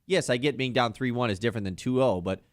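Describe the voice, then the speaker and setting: A man's voice: mid-range voice, fast talker, no echo. A man hosting a sports talk radio show, chatting casually and with animation about basketball. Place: radio studio.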